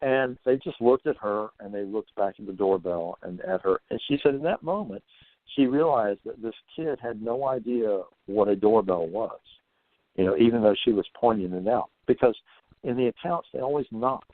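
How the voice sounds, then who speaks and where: A man with a lowish voice explains things in a casual interview, pausing and repeating words as he thinks. The sound is dry and thin, like a phone line. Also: no room sound. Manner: thoughtful, stumbles and repeats words. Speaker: guest author on paranormal folklore.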